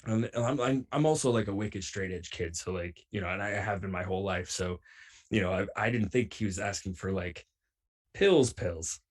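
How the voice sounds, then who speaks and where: A professional wrestler, guesting on a show, tells a road story in a low-pitched voice at normal speed. He's animated and acts out the lines of the other people involved.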